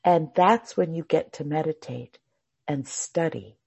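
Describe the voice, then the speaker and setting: Gravelly, husky woman telling teaching stories. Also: deep voice, measured pace. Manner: animated, acts out voices, swears casually. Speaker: meditation teacher. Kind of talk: casual spiritual talk with storytelling.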